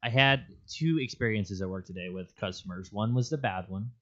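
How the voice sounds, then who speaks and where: A man co-hosting a podcast, telling an animated story in casual chat and laughing often. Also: on the low side, moderate pace, lo-fi sound. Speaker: podcast co-host. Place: Arizona.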